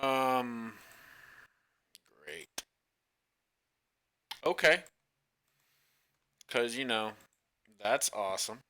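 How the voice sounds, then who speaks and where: A man's voice: medium pitch, animated, very slow, long pauses, pushed and bright, clean tone. A man playing a tabletop game, stating his actions hesitantly as he thinks aloud. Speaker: player. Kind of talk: casual tabletop play.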